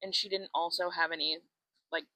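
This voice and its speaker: A woman's voice: on the low side, flat delivery, brisk, pushed and bright, no room sound. A woman co-hosting a casual podcast, retelling a story in a rush of "like" and swear words. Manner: breathless retelling full of "like", swears freely. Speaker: podcast co-host. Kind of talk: casual chat.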